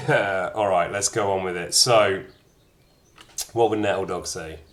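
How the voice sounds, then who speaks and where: A man's voice: sits low, steady tone, unhurried. A man streaming a game and chatting casually, self-mocking and swearing freely. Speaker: streamer and voice actor. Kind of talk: let's-play commentary.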